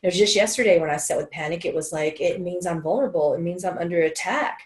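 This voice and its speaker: A woman's voice: on the low side, fast, darkish tone, reverberant. A woman co-hosting a casual chat, telling an emotional personal story and quoting others. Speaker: co-host.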